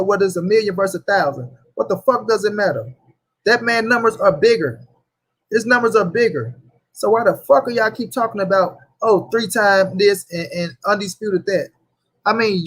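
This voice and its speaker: Husky heated man ranting about boxing. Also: high-pitched, a bit bright, rough recording. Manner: heated, profane, repeats points, addresses chat. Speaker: boxing commentary host. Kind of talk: livestream rant reading chat.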